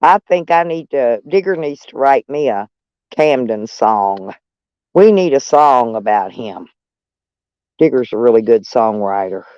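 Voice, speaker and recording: A woman's voice: extremely low pitch, animated, a little slow, dark tone, smooth, dry recording, highs cut off. An older woman, hosting a casual livestream with brash, profane, laughing taunts. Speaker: livestream host.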